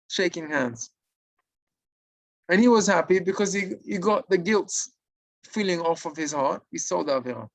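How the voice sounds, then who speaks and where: This man recounts a religious moral story at normal speed, lively throughout, and voices each character's lines in a higher pitch. The recording has no echo.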